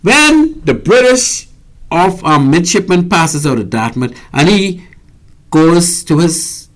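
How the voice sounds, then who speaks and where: A man's voice: on the high side, very animated, takes it slowly. An older man with a Bahamian accent hosting a radio talk show, speaking emphatically and often repeating words as he gathers his thoughts. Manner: emphatic, repeats words while searching, indignant.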